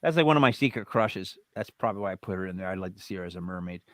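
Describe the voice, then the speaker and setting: Very fast and low-voiced, with lively intonation, this podcast co-host jokes through a live online talk show, listing off names in casual banter and hitting bursts of emphasis. The sound is studio quality with no echo.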